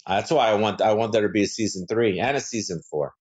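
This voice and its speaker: A man's voice: on the low side, fast talker, husky. A middle-aged man, a guest actor, chatting casually in an interview, rambling and correcting himself as he goes. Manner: rambling, self-correcting, animated.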